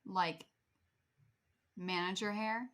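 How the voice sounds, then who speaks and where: A young woman with a bright voice chimes in on a casual podcast. She throws in quick, joking remarks while her co-host tells a story. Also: medium pitch, steady tone. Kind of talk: casual chat.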